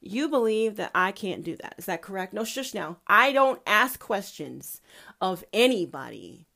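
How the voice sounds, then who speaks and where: A woman's voice: medium pitch, sing-song, a little slow, creaky, pushed and bright, exaggerated voice. A woman voicing a stern, almighty male God who scolds with blunt profanity.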